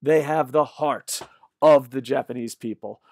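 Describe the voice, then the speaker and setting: A man ranting in a rambling, profane fan vlog, tired and punch drunk, swinging from loud shouts to low mutters. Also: a little slow, gravelly, no echo. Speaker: wrestling vlogger. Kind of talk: excited fan vlog rant.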